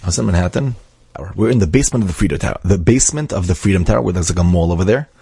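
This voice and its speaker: A man from Brooklyn, telling an animated inspirational anecdote and acting out the dialogue. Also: rapid-fire, gravelly, breathy edge, dry recording. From Brooklyn, New York. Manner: animated, acts out dialogue with big pitch jumps. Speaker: storyteller.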